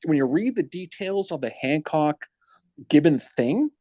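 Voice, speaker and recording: A man talking casually on a video call, telling history stories with lively acted-out quotes. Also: on the high side, unhurried, no room sound. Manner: animated storyteller, acts out quotes.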